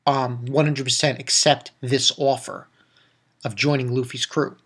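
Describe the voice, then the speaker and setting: A man's voice: mid-range voice, flat delivery, a little slow, fairly bright tone, slightly rough. A man casually recapping an anime episode, rambling with laughs, swearing and acted-out quotes. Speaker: anime reviewer.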